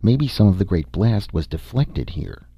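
Wary, muttering male explorer, deep-voiced, read by the narrator. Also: expressive, measured pace, mellow, slightly rough, dry recording, exaggerated voice. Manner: impatient, grim, muttering. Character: wary, impatient man explorer with a weapon. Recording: dull dry recording.

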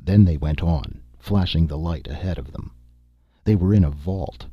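A man reading a science-fiction story aloud in a steady, even narration. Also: low-pitched, moderate pace, slightly rough, no room sound, dull audio. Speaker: audiobook narrator. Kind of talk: scripted narration.

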